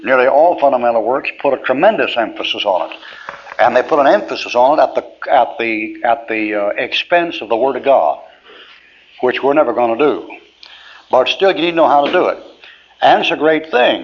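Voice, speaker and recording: Folksy, blunt male Bible teacher. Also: medium pitch. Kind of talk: classroom lecture. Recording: dull lo-fi tape with faint hiss.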